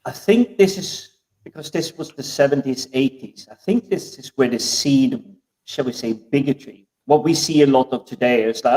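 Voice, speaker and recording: A man with a mellow voice speaks reflectively and in a measured way in a casual panel chat. He sounds a little distant from the mic. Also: medium pitch.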